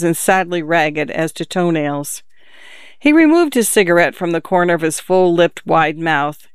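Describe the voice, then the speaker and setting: Smooth, high-voiced male storyteller. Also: dry recording, clean studio sound. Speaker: audiobook narrator. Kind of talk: scripted narration.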